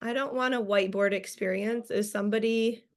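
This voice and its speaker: Over a video call, a woman team leader presents a business training, giving a casual, upbeat motivational talk packed with fillers and laughter. Her voice is mid-range and steady in tone, and she speaks briskly.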